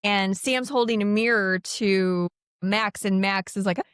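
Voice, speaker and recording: A woman's voice: medium pitch, a little slow, clean tone, no echo. A woman with a mid-range voice co-hosts a rewatch podcast and retells film scenes in an easygoing way. She leans on "like" and "you know" and quotes the characters as she goes. Her voice sounds dry and close to the mic. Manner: relaxed storytelling with frequent "like" and "you know", quoting characters. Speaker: podcast co-host. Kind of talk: casual movie recap chat.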